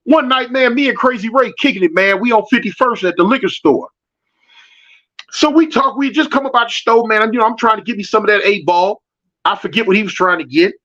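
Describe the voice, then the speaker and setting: High-voiced Los man, animated storyteller. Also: brisk. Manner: animated, slangy, acts out voices in his stories. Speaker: storyteller answering live chat. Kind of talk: casual street storytelling. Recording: dull lo-fi audio.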